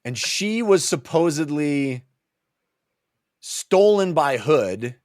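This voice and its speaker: A man co-hosting a casual book club podcast, animated and jokey, acting out scenes as he recaps them. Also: fairly high pitch, slow, no room sound, studio quality.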